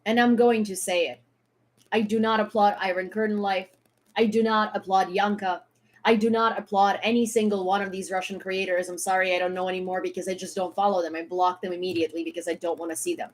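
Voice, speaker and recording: A woman's voice: mid-range voice, moderate pace. A woman from Ukraine ranting on a live stream, sarcastic and heated, swearing freely as she argues. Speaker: social media creator.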